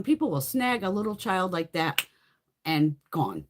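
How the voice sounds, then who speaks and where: Brief: woman beauty streamer, bouncy pitch, blunt and crude, animated storyteller. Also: a little slow, noisy background. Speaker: beauty livestream host. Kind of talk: casual live chat while doing makeup.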